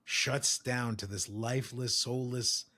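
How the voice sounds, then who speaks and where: A man's voice: medium pitch, fairly even intonation, slow pace, pushed and bright, no echo. A man co-hosting a podcast in a playful, dramatic way, laughing often. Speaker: podcast co-host. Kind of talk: casual chat.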